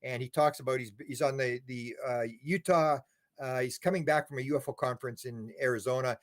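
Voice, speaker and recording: A man's voice: mid-range voice, fairly even intonation, a little fast. A man being interviewed, telling long rambling stories, repeating words and acting out quotes. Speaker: interview guest. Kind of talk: casual interview talk.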